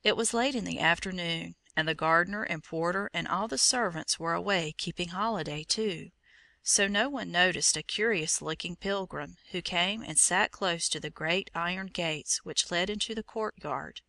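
A woman reading a saint's storybook aloud in a measured, gentle storytelling manner. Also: on the low side, vocal fry, dry recording. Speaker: reader. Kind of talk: storybook narration.

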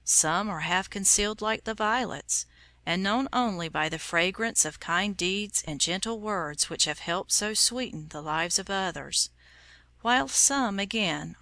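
Bright-voiced woman reading calmly. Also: fairly low pitch, dry recording. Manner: calm, reverent reading. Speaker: audiobook reader. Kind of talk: scripted narration.

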